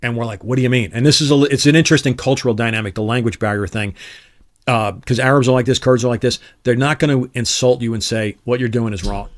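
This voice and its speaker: Middle-aged man, retired officer, lively storyteller with a mid-range voice who voices the people in his anecdotes, relaxed interview delivery. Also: medium pitch, fast talker. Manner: animated storyteller who acts out quoted dialogue. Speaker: retired Army Special Forces officer, guest.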